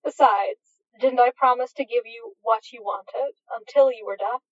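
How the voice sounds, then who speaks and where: A woman's voice: on the high side, a little slow. A woman voicing a lazy, sardonic male demon with a dry, drawling manner. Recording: dull, dry, lo-fi.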